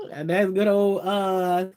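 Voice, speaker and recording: A woman's voice: medium pitch, a little mellow. A woman from Florida with a Southern US accent, hosting a casual livestream, chatting loosely and laughing often. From Florida, USA. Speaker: livestream host. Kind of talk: casual livestream chat, reading viewer comments.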